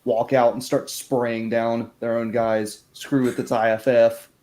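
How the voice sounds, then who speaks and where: A man with a mid-range voice plays a tabletop game, muttering short, clipped commands and thinking aloud. He speaks in an unhurried way. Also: medium pitch, level tone, dark tone. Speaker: player.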